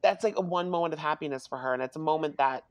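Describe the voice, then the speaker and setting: A man's voice: on the high side, fast talker, dry recording. A man co-hosting a podcast, chatting casually and rambling, with many "like" fillers. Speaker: podcast co-host. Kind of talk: casual chat recapping a TV episode.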